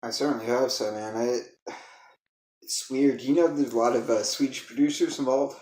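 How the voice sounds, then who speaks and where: A man's voice: mid-range voice, steady tone, normal speed, a little mellow. A man co-hosting a podcast in laid-back casual chat, often calling people "man". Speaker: podcast co-host. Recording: echoey room.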